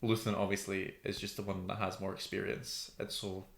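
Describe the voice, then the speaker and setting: A low-voiced man with vocal fry and a slightly bright tone co-hosts a podcast, speaking flatly at normal speed. He chats about TV in a casual way, thinking out loud with frequent ums, and the room echoes noticeably.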